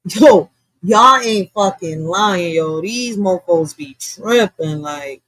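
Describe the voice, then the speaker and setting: A woman hosting a casual livestream, talking bluntly with lots of swearing and reacting loudly, with laughs, to comments from her chat. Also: medium pitch, expressive, slow, dry recording, low-quality recording. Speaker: livestream host.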